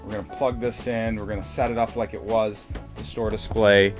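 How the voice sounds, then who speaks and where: Excited toy-collecting man, lowish voice. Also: a little fast, faint music behind. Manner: excited, rambling with restarts. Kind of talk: casual unboxing vlog.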